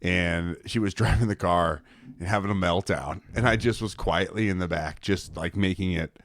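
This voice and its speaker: A man's voice: low voice, fairly even intonation, moderate pace, a little hiss or hum. A young man co-hosting a podcast, telling long, rambling stories full of fillers and acted-out quotes. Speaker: podcast co-host. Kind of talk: casual storytelling chat.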